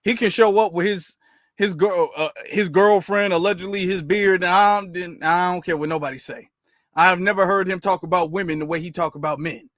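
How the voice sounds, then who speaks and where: A man hosting a reaction commentary channel, talking in a mocking, sarcastic way with slow, drawn-out remarks. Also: sits high, a bit bright, no room sound, studio quality.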